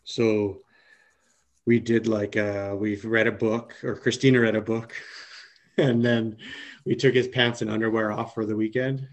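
A man's voice: fairly low pitch, level tone, a little slow. A man in his thirties, a podcast co-host and father, telling a story hesitantly with many ums and small laughs. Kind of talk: casual chat.

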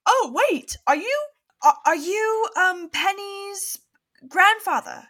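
A woman's voice: very high voice, expressive, slow, bright, forceful tone, pitched above the performer's own voice, exaggerated voice. A woman voicing a flustered, polite female professor who stammers and hesitates.

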